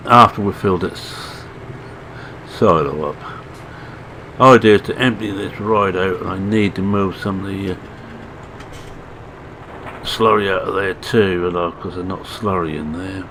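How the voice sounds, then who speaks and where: A man's voice: sits low, fairly even intonation, a little slow, long pauses, bright, forceful tone. A man with a Scottish accent giving casual, self-deprecating commentary while playing a farming game, thinking aloud as he goes. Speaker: gaming channel host. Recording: game engine and vehicle noise behind.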